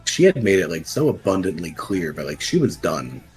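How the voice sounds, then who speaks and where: A man's voice: sits low, big pitch swings, normal speed, faint music behind. A man guest on a podcast, chatting casually, sheepish and defensive, stammering and repeating himself.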